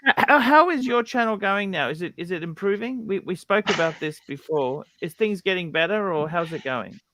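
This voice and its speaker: Lively, bright man hosting a stream. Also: sits high, moderate pace, a little hiss or hum. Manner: friendly questioning. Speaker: livestream host. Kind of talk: casual livestream chat.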